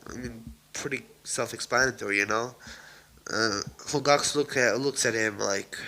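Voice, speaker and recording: Rambling man with a bright forceful voice. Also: mid-range voice, normal speed, low-quality recording. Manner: rambling, with frequent fillers and asides. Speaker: fan storyteller. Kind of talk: casual retelling of a fan story.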